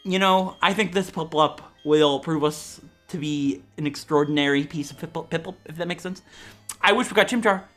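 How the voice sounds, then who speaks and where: A man hosting a Let's Play at home, joking loudly and often breaking into shouts over the gameplay. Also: fairly high pitch, moderate pace, faint music behind. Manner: loud, jokey, swings into shouting. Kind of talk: excitable gameplay commentary.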